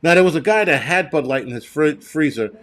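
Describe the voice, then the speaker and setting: A man rants on a live stream, blunt and foul-mouthed, his voice sitting a little high. He trips over his own words, restarting and repeating himself as he fumes. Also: lively intonation, brisk, a bit bright. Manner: angry, profane and blunt. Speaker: livestream host.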